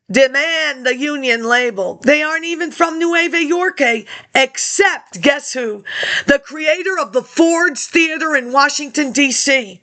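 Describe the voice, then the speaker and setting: A woman's voice: high voice, fairly bright tone. A woman talking in a rambling monologue into a laptop webcam, jumping between topics and reading old documents aloud.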